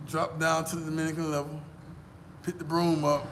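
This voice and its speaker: An American man vlogging, telling a boastful, profane story in a casual, animated way. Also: on the high side, fast talker, slight background noise.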